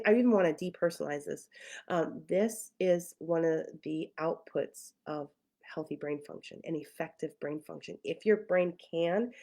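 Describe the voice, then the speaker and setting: A woman therapist with a somewhat low voice talks through her ideas, often pausing on fillers and starting sentences over. Now and then she acts out how she used to feel. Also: darkish tone. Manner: thoughtful, many fillers and restarts; acts out her own past feelings in quotes. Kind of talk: casual talk to camera.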